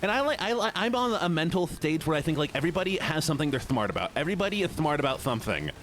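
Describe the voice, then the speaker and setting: A man's voice: a little high, big pitch swings, rapid-fire, a bit bright, slight background noise. A man streaming live, chatting casually and rambling to his viewers, often breaking into laughter. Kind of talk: casual livestream chat.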